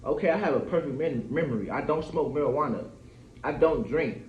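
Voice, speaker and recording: A man's voice: fairly high pitch, brisk, slight background noise. A man in his thirties venting in a casual, rambling monologue. He swears freely and keeps checking in with his listener. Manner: rambling, profane, keeps asking "you feel me". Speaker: vlogger. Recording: echoey dull lo-fi room.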